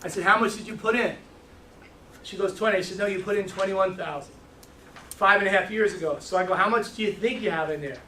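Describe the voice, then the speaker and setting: A man giving an animated training talk to a room, storytelling and repeating his words. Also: high-pitched, fast talker, slight background noise. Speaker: financial services trainer. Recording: echoey room from far off.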